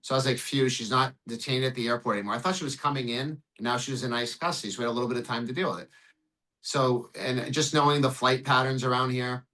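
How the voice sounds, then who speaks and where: A man who works as an immigration lawyer, telling a case story in an interview in an animated way, swearing and acting out the dialogue. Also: mid-range voice, fast talker, poor audio. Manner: animated, profane, acts out dialogue.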